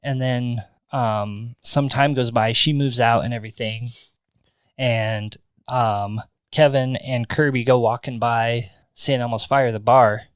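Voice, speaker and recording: A man's voice: mid-range voice, steady tone, a little slow, clean tone, dry recording. A man co-hosting a podcast, loosely and profanely retelling a movie plot with lots of ums. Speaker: podcast co-host. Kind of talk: casual movie recap chat.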